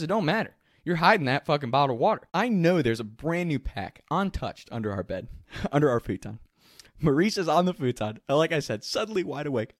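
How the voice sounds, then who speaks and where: A man tells a candid personal story in a casual, profane way, laughing along as he goes. His pitch swings widely from line to line, and the sound is dry and close with no room echo.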